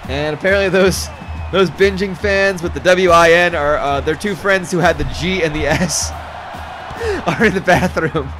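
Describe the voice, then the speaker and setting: Music plays in the background as a man with a high voice commentates live on a video game football match, joking, rambling, cursing casually, and calling plays in quick bursts.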